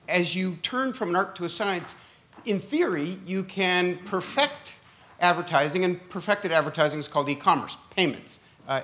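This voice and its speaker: A man's voice: on the high side, pushed and bright. A man moderating an onstage discussion, asking long, rambling questions full of fillers with a joking edge. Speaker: conference moderator. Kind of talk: onstage conference Q&A.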